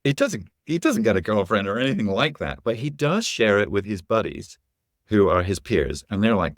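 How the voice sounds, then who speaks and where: A middle-aged man, an actor and educator, telling an animated story as a podcast guest and acting out the people in it. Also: fairly low pitch, normal speed, no room sound, clean studio sound. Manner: animated, acts out quoted voices.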